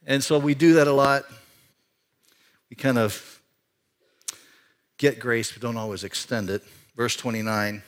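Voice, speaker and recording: Guy pastor preaching in church, chatty sermon, gets loud then goes real quiet, middle pitch. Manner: animated, conversational preaching with sudden rises and hushed drops. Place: church sanctuary.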